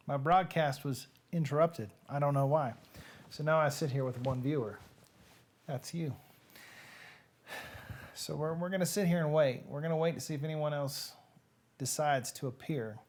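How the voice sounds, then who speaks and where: Speaking in a mid-range, darkish voice, an adult man with nieces and nephews who have babies runs a live-streamed reading show. He talks casually and cracks jokes directly to the people watching.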